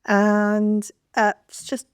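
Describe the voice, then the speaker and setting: A woman's voice: mid-range voice, completely flat delivery, extremely slow, smooth, dry recording, clean studio sound. A woman panelist in a casual podcast chat, blunt, emphatic and swearing freely.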